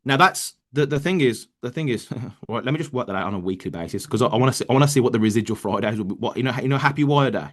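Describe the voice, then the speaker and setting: A man's voice: mid-range voice, lively intonation, very fast, fairly bright tone. A man leading a motivational call about network marketing, talking casually with lots of restarts and "bro" and "man.". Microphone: online call.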